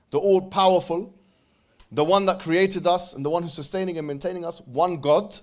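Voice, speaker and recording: Fields: animated male lecturer, banters with audience. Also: high-pitched. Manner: quotes Quranic Arabic in quick recitation. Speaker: speaker at a religious event. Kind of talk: lively religious lecture to a live audience.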